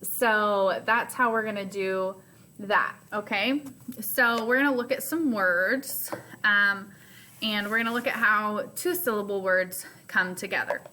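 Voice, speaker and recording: Female teacher, patient phonics lesson, slow delivery, bright tone. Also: mid-range voice, slight background noise. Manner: slow, patient, explains step by step. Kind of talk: recorded remote phonics lesson.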